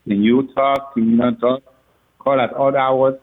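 Halting father on a phone line. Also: medium pitch, level tone. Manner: rambling, halting, laughs often. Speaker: father of a recruit, interview guest. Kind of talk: phone interview, storytelling.

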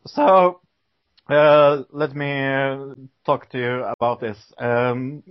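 A man's voice: medium pitch, slow pace, smooth. A man from Norway hosting a casual podcast, joking around in a playful, hesitant way. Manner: playful, putting on a joke British persona. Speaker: podcast host. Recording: dull lo-fi sound.

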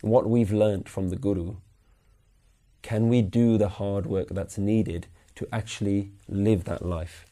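A man giving a Sikh religious lecture at a weekly class, earnestly questioning his listeners and slowly chanting scripture lines. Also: fairly low pitch, steady tone, warm tone. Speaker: Sikh teacher.

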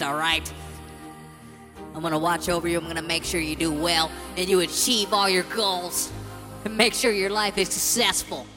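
A man voicing a gentle female guardian angel who speaks softly and reassuringly over a music beat. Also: fairly high pitch, big-room sound, close to an everyday voice.

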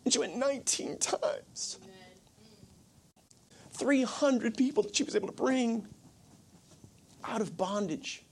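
A man's voice: very high-pitched, lively intonation, takes it slowly, gravelly, pauses often, a little hiss or hum. A male pastor preaching a sermon, dropping to whispers and rising to urgent, raised lines, a bit sniffly and emotional.

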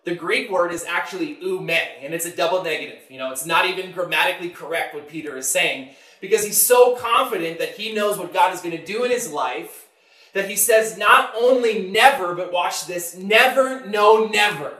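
Man preaching, high voice, emphatic, loud then hushed, echoey room. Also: moderate pace. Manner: emphatic, swings from loud mock-confident to soft and low. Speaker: pastor. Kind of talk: sermon.

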